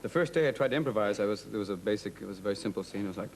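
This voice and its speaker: A man's voice: fairly low pitch, animated, very fast, hardly any pauses, slight background noise. A young man, a comedian guest, rattling off improvised talk-show banter and jumping between character voices. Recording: live studio audience, loud laughter.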